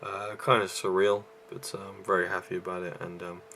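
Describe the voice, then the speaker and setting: Casual male vlogger reviewing a film: low, gravelly, short of breath, rambling delivery. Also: level tone, normal speed, bright, forceful tone, slight background noise. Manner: rambling, with many fillers and restarts. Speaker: YouTube movie reviewer.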